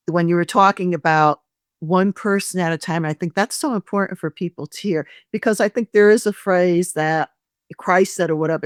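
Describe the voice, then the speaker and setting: A woman's voice: lowish voice, no room sound, studio quality. Effusive older woman co-host, emotional. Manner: emotional, effusive, quick to get choked up. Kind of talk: casual chat.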